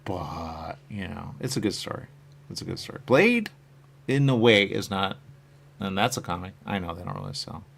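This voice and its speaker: Talking through his comic covers on a live stream, this man rambles and replies to comments from viewers, frequently trailing off at the end of a phrase. He has a low voice with vocal fry and a breathy edge, very animated at a normal pace.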